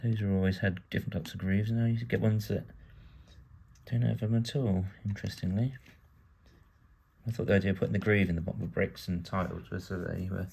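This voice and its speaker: A man's voice: low voice, steady tone, a little fast, creaky, a little mellow, a little hiss or hum. A British man from the UK giving casual build-along narration as a vlogger, chatty and full of wry asides while he works. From United Kingdom.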